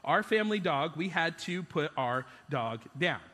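A man's voice: a little high, expressive, a little slow, sharp tone, big-room sound. A man preaching a sermon as pastor, conversational and self-deprecating, often restarting his sentences.

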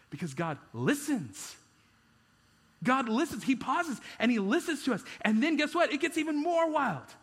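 A man, a pastor, preaching a conversational, animated sermon full of rhetorical questions to his congregation. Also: extremely high pitch. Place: church sanctuary. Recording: long hall reverb in a church.

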